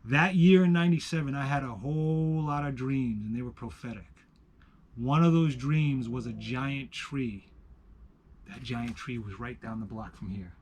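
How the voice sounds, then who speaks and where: A man with a New York accent telling stories in casual chat, profane and emphatic, swinging from loud bursts to hushed asides. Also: mid-range voice, normal speed, slight background noise.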